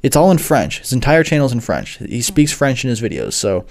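A man's voice: medium pitch, big pitch swings, a little fast, a little mellow. A young man, a music producer who gives lessons online, tells a rambling, swear-heavy story full of fillers. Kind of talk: casual storytelling monologue.

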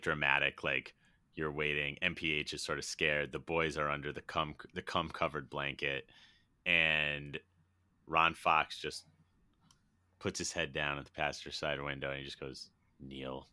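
A podcast co-host with an extremely deep voice that still rings bright and forceful. He chats casually and throws himself into acting out film lines, swearing as he goes. The sound is close and dry, with no room around it. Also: moderate pace, clean tone, dry recording. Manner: animated retelling, acts out movie lines, swears freely. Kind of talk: casual chat.

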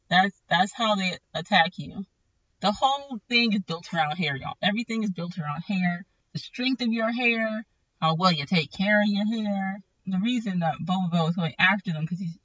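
A podcast host chatting casually about an anime, rambling and animated and often correcting themself mid-sentence. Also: mid-range voice, distant mic. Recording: dull, lo-fi sound from slightly off the mic.

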